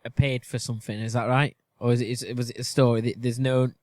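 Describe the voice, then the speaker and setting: Man, podcast co-host, hesitant and musing, dry sound, mid pitch. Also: level tone, fast, a little mellow, no room sound. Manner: hesitant, musing, interrupts with questions. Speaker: podcast co-host and quiz contestant. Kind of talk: casual podcast chat. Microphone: video call.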